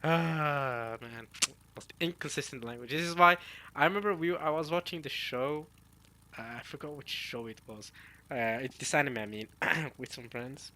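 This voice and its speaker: A man reading a manga chapter aloud and reacting in casual chat, talking to his viewers and musing out loud. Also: a little high, moderate pace. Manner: chatty, addresses viewers as y'all, muses aloud.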